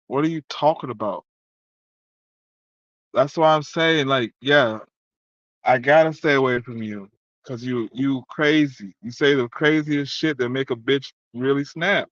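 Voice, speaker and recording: A man's voice: medium pitch, measured pace, fairly bright tone, no room sound. A man doing profane, heated casual commentary while reacting to chat and reading it aloud. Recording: dull lo-fi dry sound.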